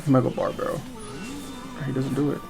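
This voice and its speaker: A man's voice: mid-range voice, completely flat delivery, normal speed, creaky, warm tone, soft background music. A young man telling a story casually while playing a game, rambling and swearing, full of fillers and restarts. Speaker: gaming vlogger.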